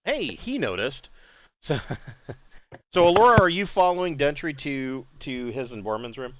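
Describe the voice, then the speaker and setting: A man narrating a tabletop game as its game master, with a lively, swooping pitch. He often stops and corrects himself mid-sentence, keeping an easygoing tone. The recording is dry and close. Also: dry recording. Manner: halting, self-correcting, casual.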